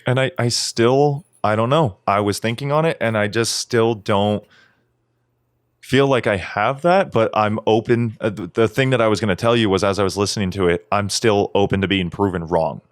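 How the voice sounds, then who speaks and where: Animated swearing man on a podcast. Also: lowish voice, normal speed, clear, resonant tone, no echo, clean studio sound. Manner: animated, swears freely, mimics others in raised voice. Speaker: podcast co-host. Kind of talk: casual chat.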